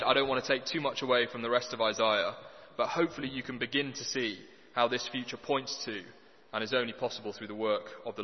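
A man preaching a sermon, earnest and conversational with dry humour. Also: mid-range voice. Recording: dull lo-fi sound with long hall reverb.

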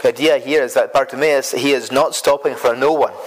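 Male preacher, earnest sermon delivery, repetitive and halting, mid-pitched voice. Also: steady tone, rough recording. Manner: earnest, repetitive, stumbles on words.

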